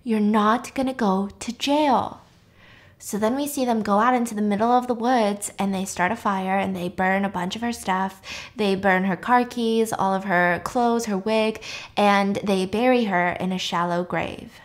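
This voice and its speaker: A woman's voice: medium pitch, moderate pace. A woman hosting a podcast, casually retelling a movie plot, acting out the characters and swearing freely. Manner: animated, acts out characters with quoted voices, swears freely. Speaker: podcast host.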